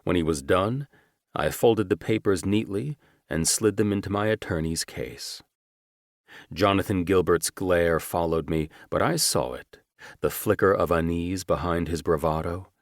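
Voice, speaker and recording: A man narrating a first-person romance audiobook in a measured, deliberate, quietly menacing manner. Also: deep voice, no echo, studio quality.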